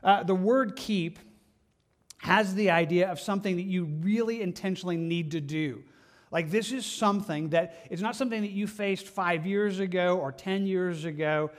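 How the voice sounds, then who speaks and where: A man delivers a Sunday sermon in a high-pitched speaking voice. He talks like he is chatting with his listeners, earnest and informal, with plenty of "like" and repeated words. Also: normal speed. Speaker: pastor.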